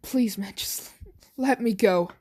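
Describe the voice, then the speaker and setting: A woman voicing a frightened teenage boy held captive, pleading and crying out in a high voice in an amateur fan story reading. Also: slow pace, mellow, breathy edge. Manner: pleading, screams high in pain.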